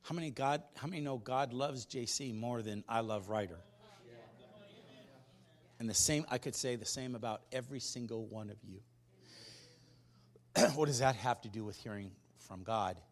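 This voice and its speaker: A man preaching a sermon as pastor, telling stories in an animated way and moving between loud and hushed delivery. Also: medium pitch, normal speed, pauses often. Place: church sanctuary.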